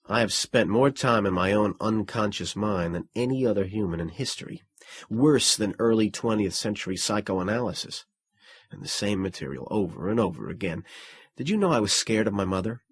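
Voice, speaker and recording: Male reader as a worn-out man off a starship for an audiobook: quiet, husky, wry. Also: on the low side, animated, normal speed. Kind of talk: audiobook character reading.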